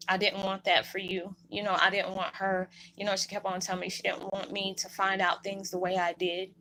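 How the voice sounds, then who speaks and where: A spiritual vlogger talks briskly to her audience in a casual, heartfelt ramble, on the verge of tears. Her mid-range voice is level, pushed and bright, and the low-quality recording has a little hiss or hum.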